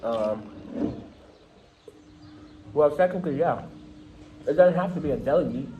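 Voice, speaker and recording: A man's voice: fairly high pitch, lively intonation, unhurried, highs cut off, background noise. Laid-back man eating on camera. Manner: laid-back, slangy, eating while talking. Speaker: vlogger. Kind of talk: casual mukbang chat. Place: restaurant in Turkey.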